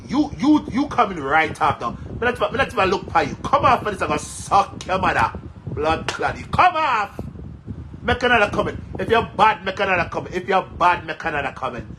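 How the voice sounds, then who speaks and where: Heated and expressive, a Jamaican-accented social media commentator curses and repeats himself in an angry rant aimed at his followers. He speaks fairly quickly in a high voice, and background noise is audible.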